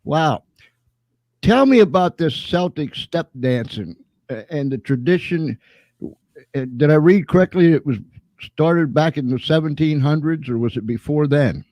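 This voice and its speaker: A man's voice: a little high, expressive, a little slow, darkish tone, no echo. A man hosting a casual talk show, hesitant, with many restarts. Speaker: host.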